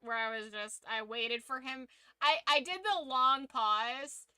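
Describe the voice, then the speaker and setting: A young woman streamer in casual chat, telling a story in a lively, profane way. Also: sits high, measured pace, clean tone, no room sound.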